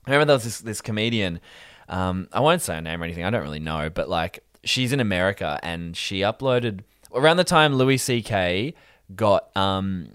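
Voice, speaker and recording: A young man co-hosting a podcast tells stories in casual chat, speaking at normal speed with a clear, resonant tone. He's an animated storyteller who swears and bursts into high, mocking voices. The recording is dry, with clean studio sound.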